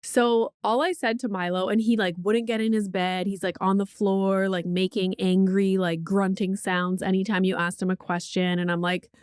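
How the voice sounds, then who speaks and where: A woman's voice: medium pitch, level tone, normal speed, few pauses, darkish tone, smooth, no room sound, clean studio sound. A woman hosting a podcast in casual chat, telling a parenting story candidly, swearing freely and saying "like" often. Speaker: podcast host; mother of a young child.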